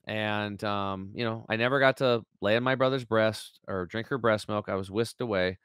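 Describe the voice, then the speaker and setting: On a video call as an interview guest, a man speaks at normal speed in a voice on the low side that's a bit bright and smooth, dry and close with no echo. He tells his story with feeling, acting out dialogue, with frequent fillers and restarts.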